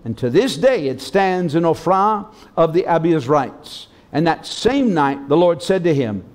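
A man's voice: a little high, lively intonation, unhurried, a little mellow. Man preaching with dramatic scripture reading. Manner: dramatic reading, leads the congregation in call-and-response. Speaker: pastor. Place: church sanctuary.

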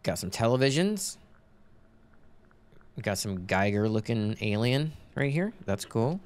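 A man's voice: lowish voice, very animated, a little slow, clear, resonant tone. A man casually commenting while playing a horror game, rambling, reading game text aloud and swearing when startled. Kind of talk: casual let's-play commentary.

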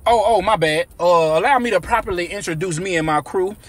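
A man performing a comedy skit, talking in slang and swinging into loud shouted outbursts. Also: high voice, fast talker, no echo. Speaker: comedy sketch creator. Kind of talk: skit with character voices.

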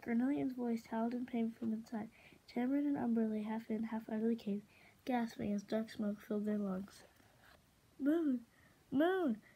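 A woman reading a novel aloud in a steady, expressive way. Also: fairly high pitch, fairly quick, a little hiss or hum, rough recording. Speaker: audiobook reader.

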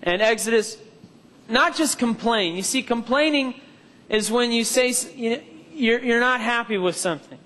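A man with a very high-pitched, sharp voice preaches at normal speed in a church hall, blending personal testimony with scripture. He calls for amens from the congregation, and the hall adds a long reverb.

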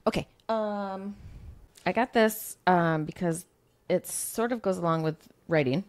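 A woman's voice: lowish voice, unhurried, a little mellow. A woman co-hosting a podcast in casual chat, playful and giggly, sometimes reading in a mock-dramatic voice. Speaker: podcast co-host.

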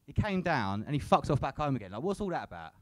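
Crude young stand-up comic. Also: male voice, mid-range voice, very animated, fast talker, no echo. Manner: crude, swears a lot, tag questions like "innit". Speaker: stand-up comedian. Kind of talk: live stand-up set. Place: comedy club stage.

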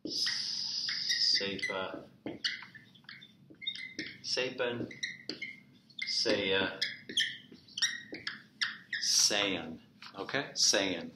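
A man's voice: medium pitch, unhurried, long pauses. A male teacher giving a classroom lecture, walking through examples step by step and repeating each one. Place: empty classroom. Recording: echoey classroom with steady noise.

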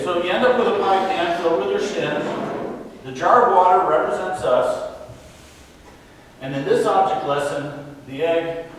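Animated male speaker in an echoey hall. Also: a little high, recorded from a distance, a little hiss or hum. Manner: animated storytelling with acted quotes. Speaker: parenting speaker. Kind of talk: faith-based parenting talk.

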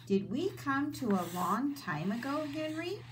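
A woman reading aloud and voicing an eager, curious little girl who speaks in a high, wondering voice. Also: big pitch swings, a little slow, slight background noise.

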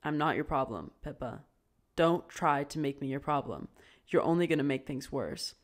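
A woman voicing a wary, quiet young man who talks in clipped, low-key lines. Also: lively intonation, normal speed. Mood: cold.

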